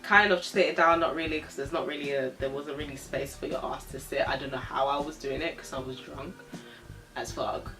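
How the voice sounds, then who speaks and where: A woman's voice: sits low, steady tone, brisk, sharp tone, faint music behind. A young woman vlogger telling a story in casual chat, frank and chatty, swearing freely and sipping a drink as she talks. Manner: sipping a drink while talking.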